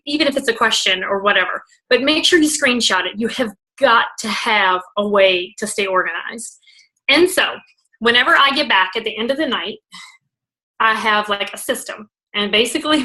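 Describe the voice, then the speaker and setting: A young woman leader giving a casual, bubbly training talk, full of "like" and fillers, loud and outgoing. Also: medium pitch, rough recording. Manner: self-described loud and out there. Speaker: network marketing team leader.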